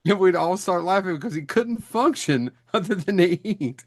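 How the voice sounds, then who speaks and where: A man's voice: high voice, animated, normal speed, no echo. A man in his forties, a podcast co-host, rambling through anecdotes in casual chat with frequent laughter.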